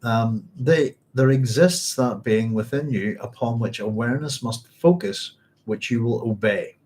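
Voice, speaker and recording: Book club host, male, middle pitch; reads a passage, then talks it through loosely. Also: a little slow, a little mellow. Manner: thinking aloud, frequent restarts and "if you like". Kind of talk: reading aloud and discussing a novel.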